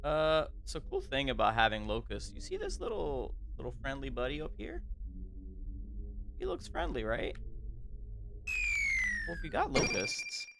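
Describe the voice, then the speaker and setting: A streamer giving casual, sarcastic game commentary in quiet, mumbled asides. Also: mid-range voice, wildly swooping pitch, unhurried, long pauses, noisy background.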